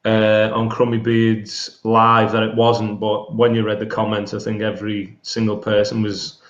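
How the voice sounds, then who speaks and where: A man's voice: fairly low pitch, completely flat delivery, normal speed, fairly bright tone. Man rambling on a roomy call. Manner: rambling anecdotes with fillers. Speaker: livestream guest. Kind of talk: casual chat. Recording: roomy, dull video call audio.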